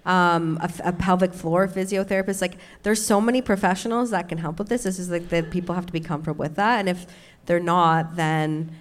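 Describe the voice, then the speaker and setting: A woman co-hosting a casual advice chat, speaking haltingly with stammering restarts and many fillers. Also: fairly low pitch, fairly even intonation.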